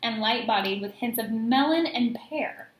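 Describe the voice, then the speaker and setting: A woman's voice: on the high side, moderate pace. A woman co-hosting a casual wine review, chatty and playful, reading label notes aloud. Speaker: co-host. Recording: echoey room.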